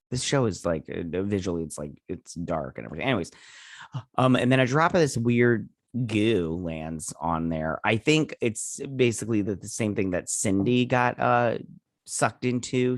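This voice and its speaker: A man's voice: fairly low pitch, lively intonation, moderate pace, dry recording, clean studio sound. A man casually recapping a TV episode as host, rambling with lots of fillers and often forgetting names. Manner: rambling, loose and filler-heavy, often losing track of names. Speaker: show reviewer and host.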